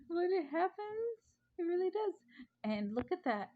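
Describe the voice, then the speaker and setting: A woman's voice: extremely high pitch, phone-quality sound. A woman vlogger telling a funny story in casual chat at home, chatty and prone to giggling.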